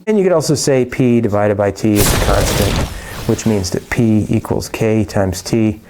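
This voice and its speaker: A man teaching a chemistry lesson in a casual, chatty way, with jokey asides and quick self-corrections. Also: fairly low pitch, background noise. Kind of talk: casual lecture.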